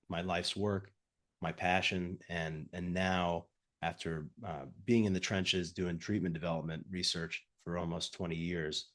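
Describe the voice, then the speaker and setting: A man giving an academic lecture over a video call, hoarse and husky from a cold, earnest and often repeating words as he starts his sentences. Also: low voice. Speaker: guest lecturer.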